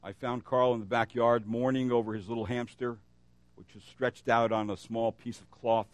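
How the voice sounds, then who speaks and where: A man's voice: medium pitch, normal speed. A man preaching from the pulpit, his mid-range voice swelling on key lines and then dropping into an easy, chatty storytelling tone. The sound is dry and close, with almost no room echo. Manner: animated preaching with rising emphasis and storytelling asides. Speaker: pastor. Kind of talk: sermon.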